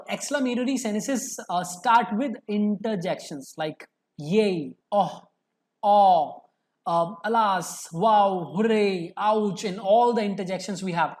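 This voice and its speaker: A woman teaching an online English grammar lesson in an upbeat, emphatic way, saying each example sentence twice. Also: mid-range voice.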